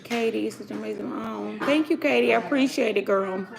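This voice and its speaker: With kids chattering close by in her home kitchen, a mom in her thirties casually vlogs to "y'all" about cooking for her children. She talks a little fast at a fairly high pitch with vocal fry, and the rough recording picks up a crowd in the background.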